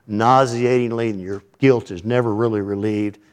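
A man preaching a conversational sermon, teaching through a scripture passage with asides and big swings between loud emphasis and quiet remarks. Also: on the low side, steady tone, quick pace, hardly any pauses. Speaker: pastor.

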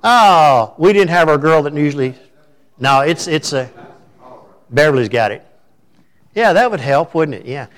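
A man's voice: a little high, expressive, a little slow, pauses often. A male pastor, preaching a sermon in a church in a folksy, storytelling way. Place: church sanctuary.

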